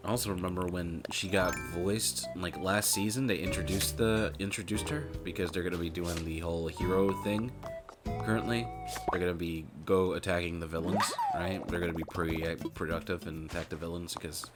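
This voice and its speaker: Deep-voiced man chatting casually. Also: fairly even intonation, brisk. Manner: rambling, profane, laughs often. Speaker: streamer. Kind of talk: casual chat while gaming. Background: music.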